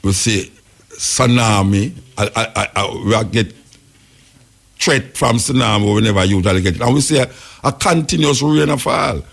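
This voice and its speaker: A Jamaican man hosts a radio talk show, rambling through the news in heavy patois. His voice is gravelly, with a husky edge. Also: lowish voice, moderate pace. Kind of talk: casual on-air commentary.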